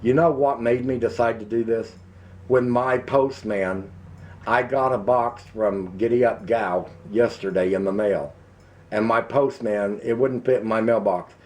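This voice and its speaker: A middle-aged man with an Ozarks accent, delivering a heated, emphatic rant to camera and slowing down to hammer his points. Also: fairly low pitch, fairly even intonation, a little mellow. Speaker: vlogger. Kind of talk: angry political rant to camera.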